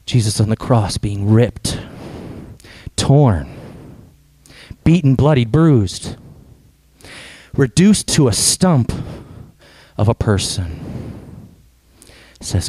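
A man preaching a sermon and reading a story aloud, expressive and reflective, exhorting listeners to pray. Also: mid-range voice, very slow, long pauses, slightly rough, dry recording.

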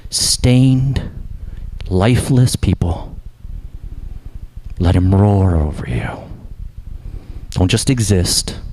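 A pastor with a mid-range voice preaches an impassioned sermon, swinging between loud, emphatic lines and slow, hushed ones.

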